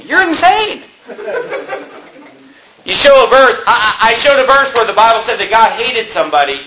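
A male pastor preaching a sermon, impassioned and animated, with mocking asides. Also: very high-pitched, fairly quick, slight background noise, rough recording.

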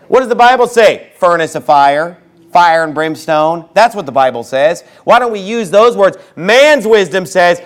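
A man with a high voice delivers a fiery sermon from the pulpit. He swings from low, quiet asides to loud outbursts, and he slows down hard whenever he quotes scripture. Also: animated. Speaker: pastor.

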